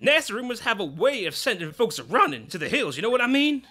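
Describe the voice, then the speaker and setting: A man voicing a folksy, loud male boss with a hearty country drawl. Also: sits high, sing-song, a little fast, voice pushed up, heavily acted.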